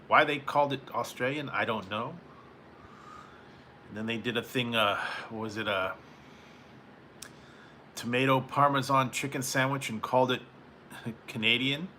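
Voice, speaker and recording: A man's voice: mid-range voice, pushed and bright, slight background noise. A man hosting a live stream, chatting casually with viewers in a rambling way and chuckling often between remarks. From California. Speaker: live-stream host reading chat.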